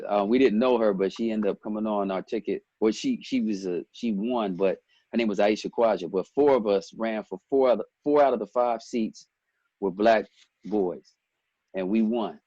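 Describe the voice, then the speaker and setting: A man in his forties from Ethiopia, a guest telling stories in a relaxed interview, animated and quick to quote others. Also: on the low side, dry recording, dull audio. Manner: animated storyteller, breaks into quoted voices and laughs. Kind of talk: casual storytelling interview.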